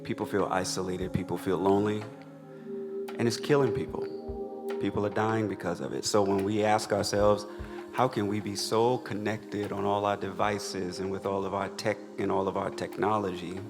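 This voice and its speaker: A man's voice: lowish voice, flat delivery, moderate pace. A man hosting a live event, speaking in an earnest, reflective way. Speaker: host. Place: museum event hall. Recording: hall reverb with music.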